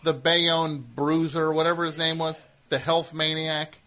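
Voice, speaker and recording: A man's voice: a little high, level tone, measured pace, sharp tone. A man hosting a comedy call-in radio show, teasing callers and riffing in long rambling runs.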